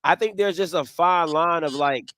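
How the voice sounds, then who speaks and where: A man's voice: fairly high pitch, normal speed, fairly bright tone, dry recording. A man hosting a casual sports talk show, talking frankly and swearing freely. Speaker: podcast host.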